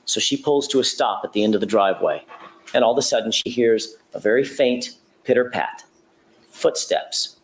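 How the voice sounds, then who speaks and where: In a mid-range voice, a male prosecutor delivers his opening statement in court. He sets out the events methodically and at a measured pace, with the odd self-correction.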